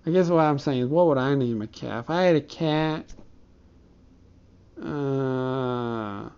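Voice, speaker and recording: Man in a dark room doing a loose comic monologue. Smooth voice, rambling and profane, slightly muffled audio. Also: mid-range voice, slow. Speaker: comedic storyteller.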